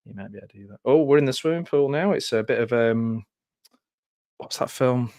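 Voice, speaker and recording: A man's voice: medium pitch, expressive, fairly quick, a little mellow, dry recording, clean studio sound. A man hosting a casual live film commentary from home, chatty and often laughing. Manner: chatty, laughs often, loose aside-filled talk. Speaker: host.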